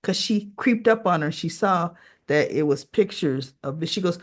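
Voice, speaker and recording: A woman hosting a soap opera recap, retelling the episode in a casual chat and acting out the characters' lines in a higher voice. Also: measured pace. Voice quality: acts out characters' lines in a higher voice, chatty and animated.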